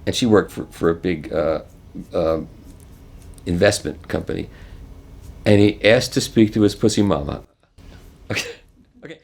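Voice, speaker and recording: A man in his seventies telling stories in an interview, animated and chuckling as he acts out other people's lines. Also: sits low, normal speed, vocal fry, pauses often. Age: 70s. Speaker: interview guest. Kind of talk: casual anecdotal storytelling.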